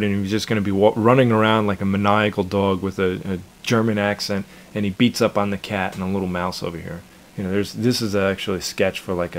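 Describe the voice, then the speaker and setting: A man's voice: low-pitched, slight background noise. A man in his thirties, a cartoon creator casually chatting in an interview, rambling and repeating his words with chuckles.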